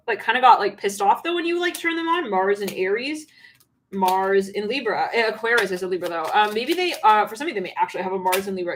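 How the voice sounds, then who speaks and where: A woman's voice: mid-range voice, noisy background. A woman giving a channeled tarot reading on a livestream, rambling and laughing often. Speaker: tarot reader.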